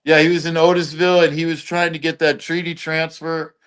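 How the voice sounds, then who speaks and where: A man's voice: fairly high pitch, level tone, brisk, fairly bright tone, smooth. A man being interviewed as a guest, talking in blunt, loose street slang full of swearing. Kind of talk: casual chat.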